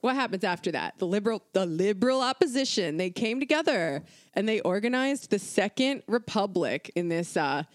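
A woman's voice: medium pitch, lively intonation, moderate pace, hardly any pauses, no room sound, clean studio sound. Irreverent, profane woman chatting casually. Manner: irreverent, profane, conversational, many fillers. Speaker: podcast co-host. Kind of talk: casual history podcast chat.

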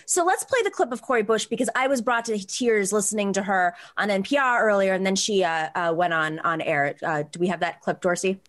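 A woman hosting a talk show, telling a personal story in a quick, animated way with many restarts. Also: mid-range voice. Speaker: host.

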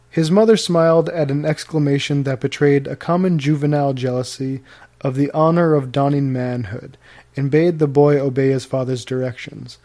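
A man narrating period fiction as an audiobook, in a measured, formal storytelling manner. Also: medium pitch, steady tone, warm tone.

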